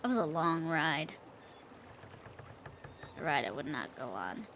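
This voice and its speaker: A woman's voice: low voice, big pitch swings, measured pace, fairly bright tone, slight background noise. A woman casually joking and swearing while commentating a horror game. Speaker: gamer. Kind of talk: let's play commentary. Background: game music.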